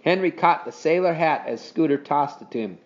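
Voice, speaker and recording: A man narrating a children's storybook in an animated, expressive reading style. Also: a little high, a little fast, dull audio. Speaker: audiobook reader.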